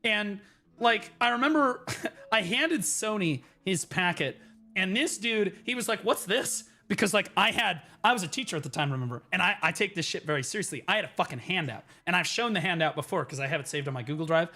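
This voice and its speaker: Excitable high-voiced man ranting. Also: a little fast. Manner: profane, excitable, bursts into shouts. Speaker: streamer. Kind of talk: animated storytelling rant.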